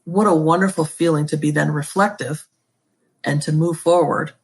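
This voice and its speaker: Woman, gravelly, husky, emphatic, passionate, interview guest. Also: low voice, steady tone, normal speed. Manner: emphatic and passionate, with repeated pet phrases. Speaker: guest educator and school leader. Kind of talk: conversational podcast interview.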